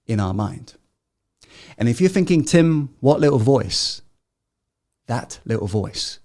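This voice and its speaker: Man, self-help coach, somewhat high-pitched, livestream masterclass, loud-to-hushed swings, constant questions. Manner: swings between loud rallying and hushed intensity; asks the audience constant questions. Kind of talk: motivational masterclass talk.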